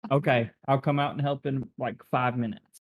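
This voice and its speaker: A man's voice: medium pitch, steady tone, normal speed, highs cut off. A man in his twenties, a guest on a podcast, chatting in an easygoing, jokey way with lots of likes. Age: 20s. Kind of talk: casual chat.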